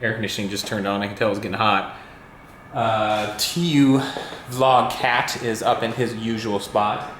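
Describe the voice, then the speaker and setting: A man's voice: fairly low pitch, flat delivery, normal speed, fairly bright tone, reverberant, slight background noise. A man chatting casually to camera about his day at home, rambling with plenty of uhs and ums. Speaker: tech YouTuber vlogging his day. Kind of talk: casual vlog talk to camera. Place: at home indoors.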